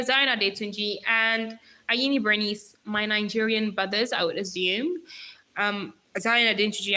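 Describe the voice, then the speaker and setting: A woman's voice: fairly high pitch, sharp tone. A young woman chatting casually on a live stream, reading viewer comments aloud and laughing often.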